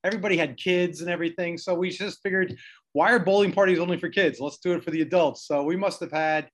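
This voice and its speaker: A man's voice: high voice, steady tone, fast. Easygoing man recalling a party. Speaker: interview guest, relative. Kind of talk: casual recollection.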